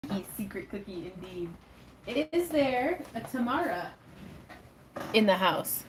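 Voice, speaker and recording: A woman's voice: medium pitch, very animated, a little slow, a little hiss or hum. A woman hosting a casual craft livestream, chatting with viewers and her pets while she works, laughing often.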